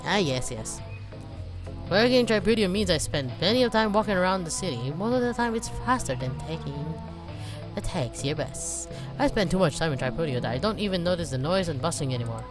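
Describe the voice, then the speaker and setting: A woman's voice: fairly low pitch, fairly quick. A woman casually playing and reading out a story game, rambling and chatty with many fillers. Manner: rambling, animated, frequent fillers. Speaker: let's play gamer. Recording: voice over game music. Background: game music.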